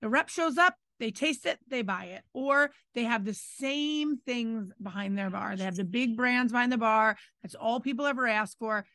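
A woman with a fairly high voice chats casually on a restaurant podcast. She chimes in often and picks up her co-host's lines. The recording is dry and close-miked. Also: moderate pace, hardly any pauses, pushed and bright, no echo. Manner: conversational, chiming in and finishing his sentences. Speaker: podcast co-host, restaurant owner. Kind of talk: casual chat.

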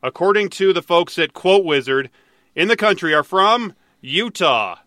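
A man's voice: high voice, lively intonation, a little slow, pushed and bright, no room sound, studio quality. A man hosting a casual podcast, easygoing and chuckling between remarks. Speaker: podcast host.

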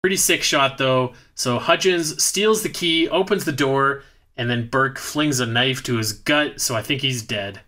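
Bright-voiced sarcastic podcast man. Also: mid-range voice, a little slow. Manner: rambling, profane, sarcastic, frequent "like". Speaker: podcast co-host recapping a movie. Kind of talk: casual chat.

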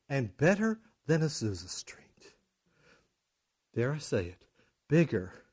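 A middle-aged man preaching a sermon, swinging from loud, emphatic declarations to low, hushed drama. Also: big pitch swings, takes it slowly, pauses often, husky. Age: middle-aged or older.

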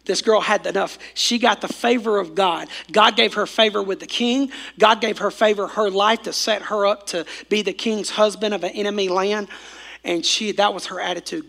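A male pastor delivers an animated sermon, his high voice gravelly and worn from preaching. He swings from loud calls to hushed, near-whispered passages, and the tone stays bright and forceful. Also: moderate pace.

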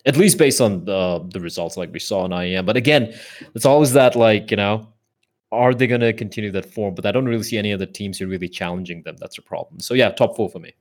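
A man's voice: fairly low pitch, fast talker. A man on an esports panel giving blunt, casual predictions and swearing freely. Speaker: esports analyst.

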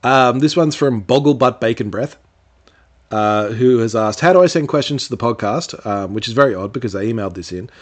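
Talking a little fast in a mid-range voice, a man co-hosts a laid-back podcast. His answers ramble, with plenty of fillers and restarts, and he's quick to laugh in the casual conversation.

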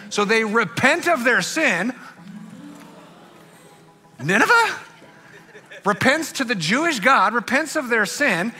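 Animated man preaching a story sermon. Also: high voice, measured pace, pauses often. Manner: animated, dramatic storyteller who swings from loud to hushed. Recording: long hall reverb with faint music.

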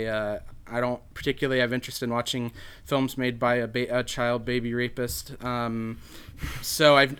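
A man riffs through crude comedy bits on a podcast in a casual, rambling way. His voice is smooth and resonant at a medium pitch. The delivery is loose and absurd. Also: a bit bright. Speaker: podcast host.

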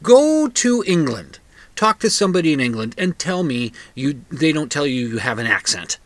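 A man with a bright, forceful voice hosts a talk show from a comic book shop. He wanders through his thoughts with plenty of ums and restarts, then works himself up into blunt, ranting asides. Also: medium pitch, expressive, brisk, no echo. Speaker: radio show host. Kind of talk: casual monologue.

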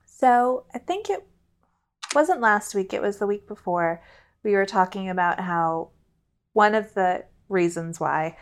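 A woman's voice: mid-range voice, lively intonation, measured pace, clean tone. An earnest woman chatting casually. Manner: earnest, corrects and adds detail. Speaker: podcast co-host. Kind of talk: casual chat.

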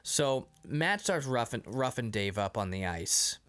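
A man chats through an old comedy film on his podcast, his pitch rising and dipping a lot as he talks. He keeps slipping into goofy voices for the characters' lines. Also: big pitch swings, measured pace, fairly bright tone, clear, resonant tone. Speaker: podcast co-host. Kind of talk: casual movie-recap chat.

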